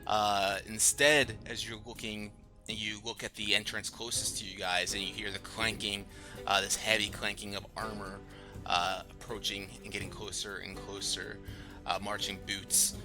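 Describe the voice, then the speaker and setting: A man narrating as game master of a tabletop game, rambling with many pauses. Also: on the low side, little pitch movement. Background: music.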